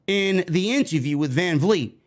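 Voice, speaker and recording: A man with a high-pitched voice hosts a wrestling news show. He talks in an emphatic, sarcastic way and reads interview quotes aloud between his own remarks. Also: animated, moderate pace. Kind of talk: commentary reading interview quotes.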